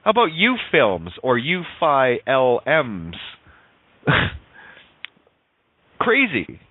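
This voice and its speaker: A man hosting a call-in radio show, rambling excitedly, swearing freely and laughing often as he plays with the sounds of words. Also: mid-range voice, extremely slow, no room sound. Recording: tinny phone-like online call audio.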